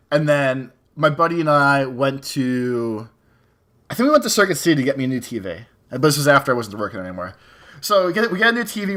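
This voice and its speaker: A man on a podcast telling a story in a casual, profane, animated way. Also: a little high. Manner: profane, animated retelling with acted-out quotes. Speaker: podcast co-host.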